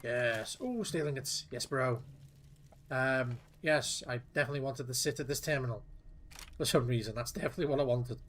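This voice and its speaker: Offhand, profane gamer. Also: male voice, medium pitch, normal speed, fairly bright tone, slight background noise. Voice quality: offhand, profane, muttering to himself. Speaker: gameplay streamer. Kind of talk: casual gameplay commentary.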